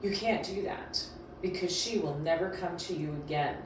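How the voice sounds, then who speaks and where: A woman's voice: lowish voice, normal speed, slight background noise. A woman dog trainer giving casual, emphatic instructions in a chatty, repetitive way. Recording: very echoey room, distant mic.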